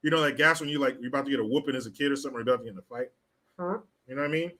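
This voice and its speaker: A man's voice: mid-range voice, racing, bright, forceful tone. A man hosting a live stream, mocking and profane in casual commentary as he reads out viewer chat.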